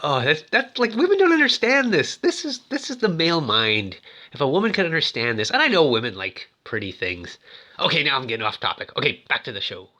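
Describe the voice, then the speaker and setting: Excitable man with a bright, lively voice. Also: fairly high pitch, a little fast. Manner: rambling, excitable, lots of fillers. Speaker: movie toy reviewer. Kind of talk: casual movie retelling.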